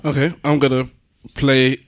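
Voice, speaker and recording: A man's voice: mid-range voice, level tone, normal speed, dry recording. A man hosting a casual podcast chat, laid-back and playful as he plays videos. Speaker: podcast host.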